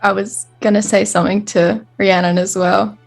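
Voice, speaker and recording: A woman chatting as a player at a tabletop game, playful and animated. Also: mid-range voice, normal speed, gravelly, soft background music. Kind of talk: casual chat at a game table.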